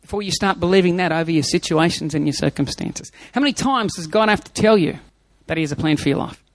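A man's voice: fairly high pitch, fast, dry recording. A man preaching an Easter sermon, emphatic, with lots of repetition and a told joke. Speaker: pastor.

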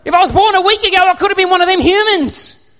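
A preacher playing a self-pitying cockroach that missed becoming human by a week, complaining in a whiny, mock-disappointed way. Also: male voice, very high-pitched, fast talker, fairly bright tone, voice pushed up. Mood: moaning. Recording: echoey hall.

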